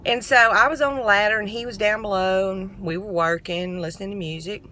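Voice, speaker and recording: A middle-aged woman, telling a down-home story to camera in a chatty, lively way. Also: mid-range voice, brisk. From Texas. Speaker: vlogger.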